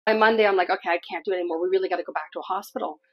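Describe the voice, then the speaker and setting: A woman's voice: on the low side, steady tone, rapid-fire, husky, dull audio. A middle-aged woman from Canada, telling a personal story to camera in a candid, chatty way and laughing now and then. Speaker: vlogger.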